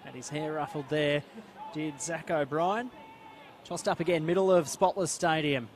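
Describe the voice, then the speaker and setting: A man with an Australian accent calling live football play-by-play, quick and rising to shouts at big plays. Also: on the high side, steady tone, crowd noise. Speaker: play-by-play commentator. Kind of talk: live sports commentary.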